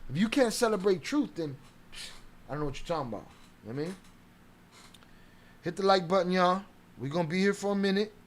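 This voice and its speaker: A man with a fairly high voice hosts a loose, chatty livestream. He talks in an animated, profane way and keeps greeting viewers from the chat. His tone stays casual and conversational. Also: fairly quick, long pauses. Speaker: livestream host.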